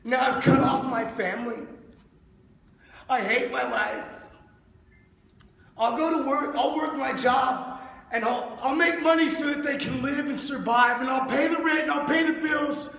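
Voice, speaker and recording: Guy doing a bitter haunted veteran, high voice for a man, big echoey hall from far away. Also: unhurried, creaky, pauses often, a bit bright, heavily acted. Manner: bitter, confrontational. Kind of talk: live stage monologue.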